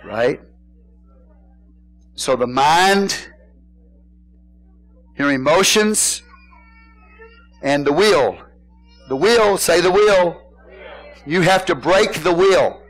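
A middle-aged man preaching a sermon as pastor, in a casual folksy way, asking his congregation questions and now and then shouting a point. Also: fairly high pitch, poor audio. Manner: casual folksy phrasing, bursts into shouted emphasis.

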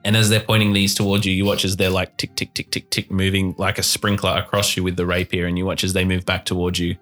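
Deep-voiced man running a tabletop game. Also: monotone, quick pace, a bit bright, soft background music. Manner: descriptive, with fillers. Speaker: game master.

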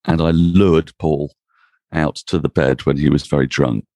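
A man, a cricket commentator, telling anecdotes as a podcast guest in an animated, self-mocking way. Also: rumbling low, measured pace, dry recording, highs cut off. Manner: animated, self-mocking raconteur with frequent restarts. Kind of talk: anecdotal interview storytelling.

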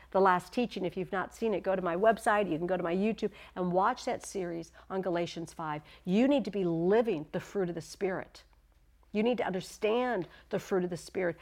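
A middle-aged woman teaching a sermon in an earnest, emphatic way, slowing down and dropping to a whisper to stress a point. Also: mid-range voice, darkish tone. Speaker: Bible teacher.

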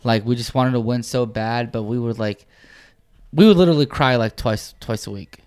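Young man, smooth clear voice, animated casual storyteller, crew-member chat. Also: medium pitch, normal speed. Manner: animated storyteller, frequent "like" fillers.

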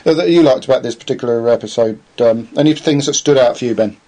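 A man hosting a casual podcast chat over a video call, enthusiastic and halting, with lots of fillers. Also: medium pitch, dark tone. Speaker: podcast host.

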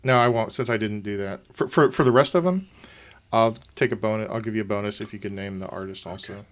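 A man's voice: lowish voice, fast talker. A man hosting a casual trivia game among friends, chatty with frequent fillers. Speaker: quiz host.

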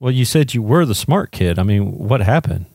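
A man's voice: on the low side, lively intonation, normal speed, creaky, darkish tone, no room sound, studio quality. A man co-hosting a podcast in casual chat, teasing and joking. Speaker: podcast co-host.

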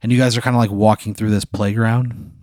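A man's voice: on the low side, little pitch movement, brisk, a little mellow, no room sound, clean studio sound. A man hosting a casual podcast, telling a long, rambling hypothetical full of "like" and casual swearing. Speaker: podcast host. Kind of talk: casual storytelling chat.

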